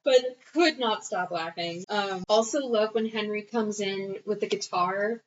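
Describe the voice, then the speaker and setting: A woman's voice: medium pitch, measured pace, slight background noise. A young woman hosting a podcast, chatting casually and retelling film scenes with laughter. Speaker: podcast host. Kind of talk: casual chat. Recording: slightly dull lo-fi podcast audio.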